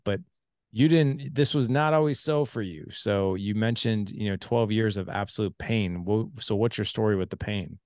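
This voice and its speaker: A man's voice: on the low side, clear, resonant tone, no echo, studio quality. A man hosting a podcast, joking casually with his guest, full of fillers and repeated words. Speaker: podcast host. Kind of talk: casual interview chat.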